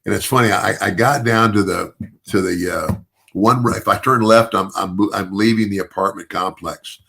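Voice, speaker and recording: An older man appearing as a podcast guest tells a long story casually, restarting phrases, repeating words and chuckling at his own tale. His voice is low and fairly bright with vocal fry, at a moderate pace.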